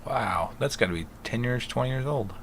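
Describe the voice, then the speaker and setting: A man's voice: medium pitch, animated, fairly quick, a crowd in the background. A man co-hosting a podcast, tossing in dry wisecracks during casual banter. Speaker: podcast co-host.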